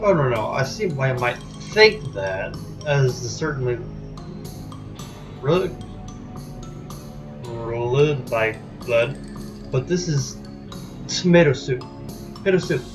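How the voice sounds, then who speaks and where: A man's voice: medium pitch, animated, takes it slowly, pauses often. A man reading out game dialogue as a creepy, grinning male innkeeper who stretches and oddly stresses his words, over music. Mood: creepy cheerful.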